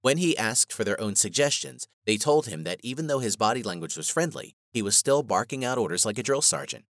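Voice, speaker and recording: A man reading a scripted instructional narration in a measured, even way. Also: medium pitch, dry recording, studio quality.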